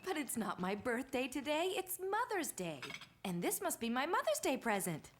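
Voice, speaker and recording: A gentle, patient cartoon mom. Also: female voice, sits high, very animated, normal speed, a little hiss or hum. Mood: tender. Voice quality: soft, patient, reassuring. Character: gentle loving cartoon mother, adult. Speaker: mother character. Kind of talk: animated children's series acting.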